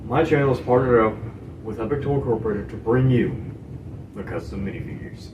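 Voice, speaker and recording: A man hosting a mock advertisement in a salesy, pitching manner. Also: a little fast, dull audio. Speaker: channel host. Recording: roomy, distant, noisy.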